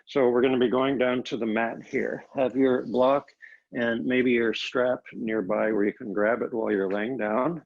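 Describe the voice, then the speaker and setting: A man teaching a Pilates class, calmly cueing each step of the exercises, recorded on a laptop microphone. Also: medium pitch, moderate pace, vocal fry, highs cut off. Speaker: Pilates instructor. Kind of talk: guided exercise class instruction.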